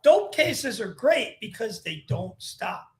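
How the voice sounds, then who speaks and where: Man, very high voice, animated storyteller, echoey room. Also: takes it slowly. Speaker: podcast host, former undercover agent. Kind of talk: podcast conversation.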